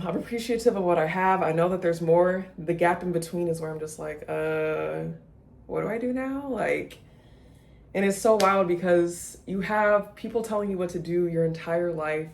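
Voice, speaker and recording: A vlogger speaks straight to the camera in a halting, rambling way, full of restarts and second thoughts. The voice is soft and confessional and stays close to tears throughout. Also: mid-range voice. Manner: rambling, halting, self-questioning. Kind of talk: unscripted emotional vlog rant.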